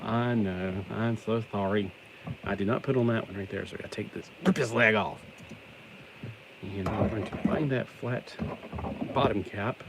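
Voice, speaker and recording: A man's voice: fairly low pitch, moderate pace, vocal fry. A middle-aged man rambling casually while building a toy, joking at his own expense. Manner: chatty, self-deprecating, joking asides. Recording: steady background noise.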